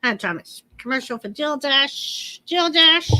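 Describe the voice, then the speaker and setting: A woman with a high, sharp, expressive voice speaks a little slowly while hosting a casual livestream, offering wrestling commentary and greeting viewers by name.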